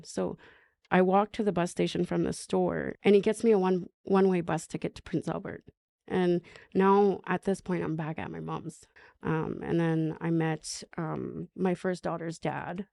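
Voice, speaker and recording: Gravelly low-voiced woman. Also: steady tone, dark tone, no echo, clean studio sound. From northern Manitoba, Canada. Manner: candid, halting, many restarts and "like", "right?". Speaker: podcast guest. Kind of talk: personal recovery story, conversational.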